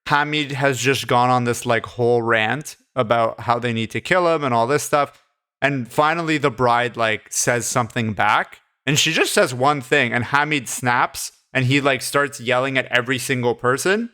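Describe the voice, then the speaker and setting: Guy cohosting a movie podcast, chill and agreeable, nice clear voice. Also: medium pitch, moderate pace, sharp tone. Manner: easygoing, agreeable, laughs often. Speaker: film podcast co-host. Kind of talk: casual chat.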